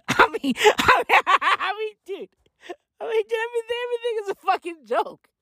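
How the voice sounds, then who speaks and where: A woman's voice: extremely high pitch, lively intonation, normal speed, pushed and bright, dry recording, studio quality. A woman giving a mocking, profane sports rant, laughing often and repeating herself in exasperation. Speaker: sports commentator.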